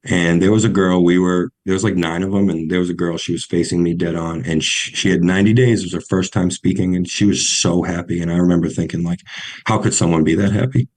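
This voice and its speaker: A young man with a New England accent telling his recovery story on a podcast, halting and full of restarts. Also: low voice, little pitch movement, darkish tone. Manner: halting, many ums and restarts.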